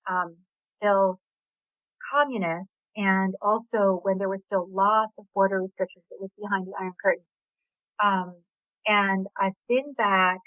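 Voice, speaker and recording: In a casual interview, a middle-aged novelist born in Hungary speaks with an American accent, chatty and enthusiastic, letting out small laughs. Her voice is medium in pitch. The sound is dry, coming through a tinny phone line.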